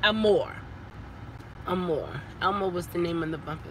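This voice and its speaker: A woman, chatting casually as a vlogger in a car, animated and stumbling over her words. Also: lowish voice, moderate pace, slight background noise, poor audio. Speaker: vlogger and rideshare driver. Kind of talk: casual chat.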